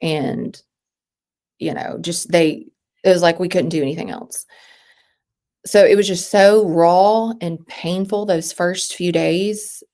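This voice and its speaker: Halting woman with a low-ish voice. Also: steady tone, dark tone. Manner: halting, with restarts and trailing-off phrases. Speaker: podcast guest. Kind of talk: emotional personal interview.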